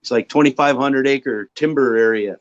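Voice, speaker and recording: A man in a casual chat telling lively travel anecdotes and acting out the sound effects. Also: medium pitch, normal speed, highs cut off.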